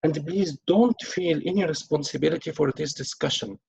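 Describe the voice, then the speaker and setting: A man's voice: on the high side, moderate pace, gravelly, a little mellow, breathy edge. A man teaching doctors how to break bad news, acting out the doctor and the relatives as he goes. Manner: acts out doctor and relative lines in a teaching session. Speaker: medical exam tutor. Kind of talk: teaching communication skills with role-play. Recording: dull lo-fi recording.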